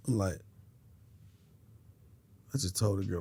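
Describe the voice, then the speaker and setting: Animated, gravelly man. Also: on the low side, normal speed, pauses often. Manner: animated, slangy, acts out every voice. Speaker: guest. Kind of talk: casual storytelling.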